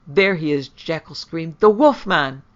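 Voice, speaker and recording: A man voicing an excitable frontier guard, who shouts and stammers. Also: fairly high pitch, normal speed, gravelly. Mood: frantic. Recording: dull lo-fi.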